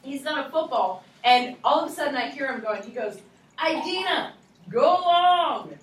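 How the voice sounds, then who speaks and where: A young woman teacher telling a playful, animated story to a class of children, recorded from far away in an echoey classroom. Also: high-pitched, a little fast, a little hiss or hum. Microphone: distant recorder.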